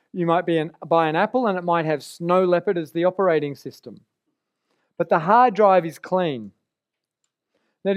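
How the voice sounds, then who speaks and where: A man presenting a live seminar to an audience, energetic, drawing call-and-response answers from the room. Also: sits high, clean tone.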